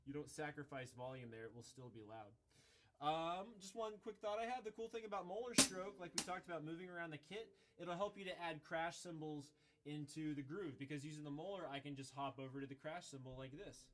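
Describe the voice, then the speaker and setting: A man giving a casual drum lesson, explaining in a relaxed way with some self-corrections. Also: a little high, brisk, a little hiss or hum. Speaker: drum teacher. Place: music school room. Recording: voice between loud drum playing. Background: drum kit playing.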